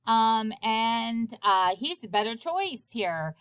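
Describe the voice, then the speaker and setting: A woman's voice: fairly high pitch, sing-song, slow pace, fairly bright tone, clear, resonant tone, full character voice. Old nurse, practical, coaxing, played by a woman.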